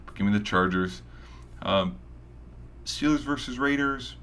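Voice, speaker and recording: With a medium-pitched, fairly bright voice, a man hosts a sports show at a measured pace. He sounds tired and his voice is giving out while he rambles through casual game predictions full of hype and mild swearing.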